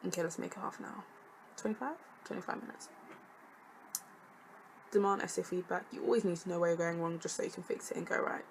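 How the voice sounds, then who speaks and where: A woman's voice: on the low side, fairly even intonation, fast talker, creaky, long pauses, slight background noise, low-quality recording. A young woman, a student vlogger chatting casually to camera, sassy and jokey with lots of laughing asides. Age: young adult.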